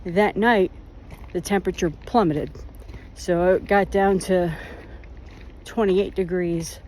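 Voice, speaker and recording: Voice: medium pitch, steady tone, takes it slowly, darkish tone, a little hiss or hum. A vlogger telling rambling, self-mocking stories while out on a walk. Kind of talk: casual storytelling on a walk. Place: outdoors, walking.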